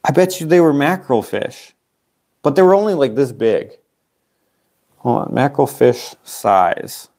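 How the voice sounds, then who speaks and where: A man's voice: mid-range voice, very animated, unhurried, long pauses, darkish tone. A man in his late twenties, hosting a livestream and telling a rambling story with a microphone on, often breaking off on tangents. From Canada. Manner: chatty, wanders off on tangents, self-interrupting. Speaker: livestream auction host. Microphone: wearing a microphone.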